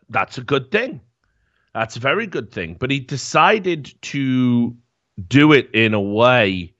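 A man's voice: mid-range voice, a bit bright, no room sound, dull audio. A man hosting a podcast in casual chat, sarcastic, swearing and laughing as he talks. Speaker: podcast host.

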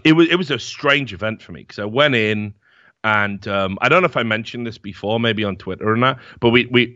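This podcast host's fairly low, fairly bright voice comes through a dry, slightly dull mic. He meanders through stories in laid-back conversation, peppered with filler words and curses.

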